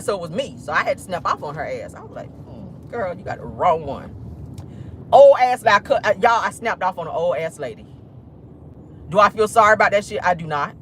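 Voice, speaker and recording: Sassy, animated woman talking while driving. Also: medium pitch, a little hiss or hum. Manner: animated, sassy, swearing storyteller. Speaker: host. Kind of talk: casual gossip vlog. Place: in a car, driving.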